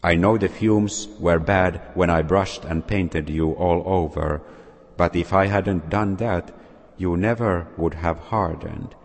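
A man voicing a patient, wise master potter who calmly explains himself. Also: low-pitched, takes it slowly, full character voice. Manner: calm, explaining. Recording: long hall reverb.

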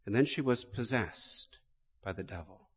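A priest delivers a sermon slowly and deliberately, dwelling on each phrase. His voice is low. A long reverb from a large church trails every line. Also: animated, breathy edge. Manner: slow, deliberate storytelling.

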